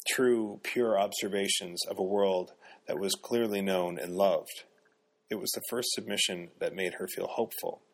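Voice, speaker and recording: A man narrating a novel in measured, even storytelling. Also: low voice. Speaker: audiobook narrator. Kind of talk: scripted narration.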